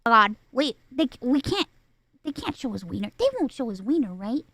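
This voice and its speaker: A woman streaming and chatting loosely into a close, dry microphone. Her voice sits high and bright. She swears freely and slips into mocking, overblown asides. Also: lively intonation, moderate pace, no echo. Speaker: streamer reacting to a film. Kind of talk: casual livestream chat.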